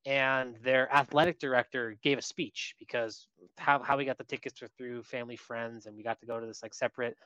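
A man co-hosting a casual sports podcast, telling lively stories about what he saw at a game. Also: medium pitch, fairly quick, smooth, no room sound, dull audio. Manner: lively anecdotal storyteller. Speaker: podcast co-host.

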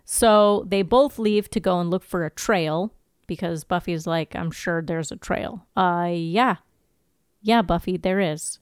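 A woman's voice: on the low side, a little slow, clean tone, no echo, studio quality. A woman co-hosting a podcast, recapping TV episodes in playful, giggly storytelling. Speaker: podcast co-host. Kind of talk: casual chat recapping TV episodes.

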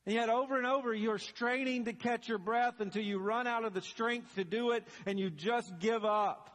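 A man's voice: extremely high pitch, fairly even intonation, moderate pace, few pauses, fairly bright tone. A man preaching a sermon as pastor, telling the story dramatically and building to emphatic peaks. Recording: long reverb of a large hall.

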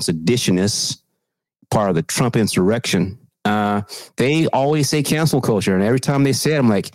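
A man co-hosting a casual podcast chat, telling stories in a profane, animated way. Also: on the low side, dry recording. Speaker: podcast co-host.

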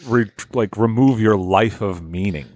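A man co-hosting a podcast, teasing his partner with deadpan interjections in casual chat. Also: on the low side, a little slow, no echo. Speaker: podcast co-host.

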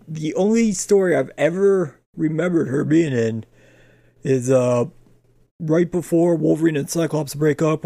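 Gravelly, ranting man with a low, dark voice. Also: dry recording, studio quality. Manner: ranting, exasperated, heavy swearing. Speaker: comic review podcast co-host. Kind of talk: casual profane chat.

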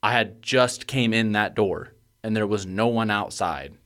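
Podcast co-host, young adult man, lowish voice, profane and animated storyteller. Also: unhurried. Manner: swears freely, gets loud and worked up when retelling panic. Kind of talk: casual storytelling chat.

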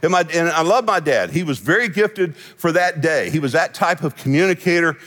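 Middle-aged male pastor, folksy storyteller, animated and fairly high-pitched, long reverb of a church hall. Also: fairly quick. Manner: folksy, storytelling, laughs often. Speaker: senior pastor. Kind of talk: conversational sermon with humor. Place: church sanctuary.

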